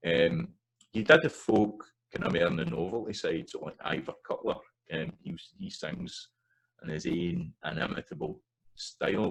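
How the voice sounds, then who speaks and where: A man's voice: low-pitched, gravelly, low-quality recording. A Scottish man giving a casual spoken lesson, rambling with many fillers and restarts. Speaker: language teacher. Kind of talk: spoken lecture.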